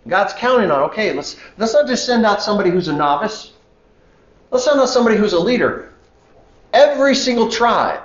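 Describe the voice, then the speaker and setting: Guy preaching a sermon, really animated, voice jumps all over, echoey church room. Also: high-pitched, normal speed. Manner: animated, emphatic preaching with shifts to loud urging. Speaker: pastor. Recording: echoey room, dull lo-fi sound.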